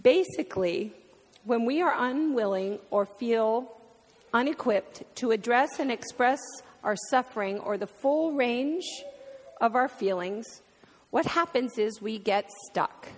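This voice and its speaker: A woman's voice: on the high side, animated, unhurried. A woman preaching a heartfelt sermon in a church, speaking openly about grief and sometimes through tears. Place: church sanctuary. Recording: long hall reverb.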